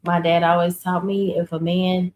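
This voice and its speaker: A woman hosting a casual talk show, speaking in a relaxed way with frequent short murmurs of agreement. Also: on the low side, normal speed, lo-fi sound, a little hiss or hum. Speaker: podcast host. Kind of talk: casual chat.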